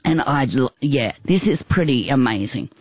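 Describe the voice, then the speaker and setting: An older Australian woman telling a personal story in conversation, halting, with frequent restarts and asides. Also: extremely low pitch, lively intonation, darkish tone, husky, dry recording. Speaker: guest.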